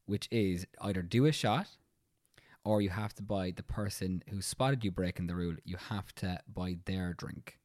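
A man's voice: low voice, moderate pace, darkish tone, no echo, clean studio sound. An Irish man co-hosting a podcast in casual chat, playfully explaining rules step by step. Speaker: podcast co-host.

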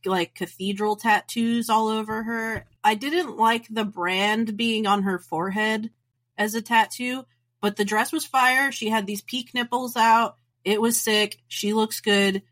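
A woman's voice: medium pitch, fairly bright tone. Female podcast co-host, chatty and frank, ordinary mid-range voice. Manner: chatty, opinionated, blunt. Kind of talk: casual podcast chat.

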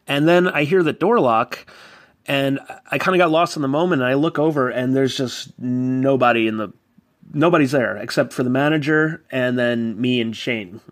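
A man in his thirties from New York telling a casual, animated personal story and acting out quoted voices. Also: medium pitch, moderate pace, dry recording. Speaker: guest storyteller. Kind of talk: casual anecdote.

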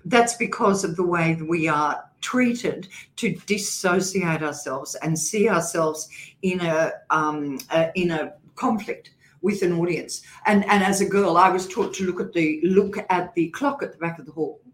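A woman's voice: on the low side, measured pace. An Australian woman from Queensland, guest on a podcast, talking emphatically about communication and repeating points for force. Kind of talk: podcast interview. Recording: roomy echo.

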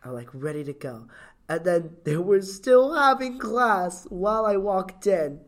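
A young woman co-hosting a podcast, chatting in a relaxed way and saying 'like' a lot. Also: mid-range voice, a little slow. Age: young adult. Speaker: podcast co-host. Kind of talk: casual chat.

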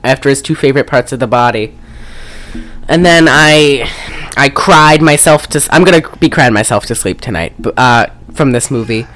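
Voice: medium pitch, normal speed, fairly bright tone. A podcast co-host recapping a movie in a casual, rambling way, full of swearing and fillers. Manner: profane, rambling, frequent fillers.

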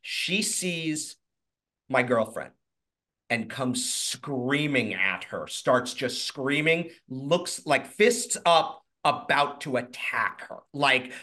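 A man's voice: mid-range voice, slow pace. A man casually telling a personal story, acting out what people said in changing voices and swearing freely. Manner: animated, acts out quotes in shifting voices.

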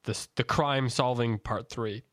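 A man at a middle pitch, moving a book-discussion podcast along in an easygoing, conversational way. His voice is dry and close, with no room sound around it. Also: steady tone, measured pace, fairly bright tone, no echo. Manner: steers the talk, conversational, brief interjections. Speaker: podcast co-host leading the episode. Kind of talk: casual book-discussion chat.

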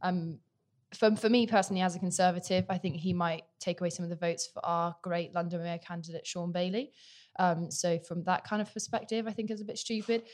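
A woman in her twenties, a podcast guest, talking casually with a raspy, half-lost voice and halting restarts. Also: lowish voice, steady tone, a little mellow. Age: 20s. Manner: halting, chatty. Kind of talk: casual chat.

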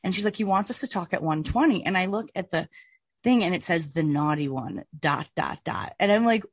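A woman co-hosting a podcast, telling a rambling, animated story in casual chat and laughing often. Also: fairly low pitch, a little fast, dry recording, clean studio sound. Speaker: podcast co-host.

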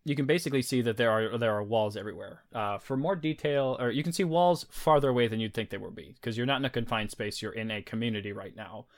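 A man narrating as game master, with a relaxed manner full of fillers. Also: medium pitch, quick pace, few pauses.

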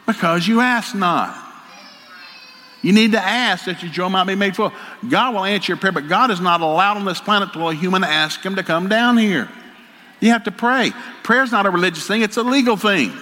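A man's voice: high-pitched, pushed and bright, slight background noise. An older man giving a folksy, joking sermon as a preacher, telling stories with country humor. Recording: hall reverb, faint ambience.

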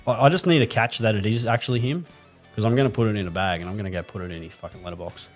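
A man's voice: fairly low pitch, rapid-fire, faint music behind. A man co-hosting a podcast, telling crude stories in a casual, swear-heavy chat. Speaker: podcast co-host.

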